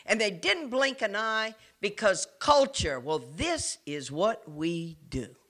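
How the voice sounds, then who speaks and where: Earnest nun giving an impassioned speech. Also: female voice, mid-range voice, expressive, slow pace. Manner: earnest, swings from forceful to hushed. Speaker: nun speaking to an audience. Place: room with a live audience.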